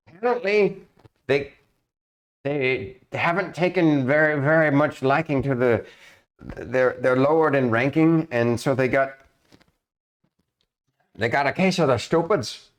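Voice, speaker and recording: A man's voice: a little high, pitched above the performer's own voice. A man voicing a worried, long-winded male guild master who stammers as he frets.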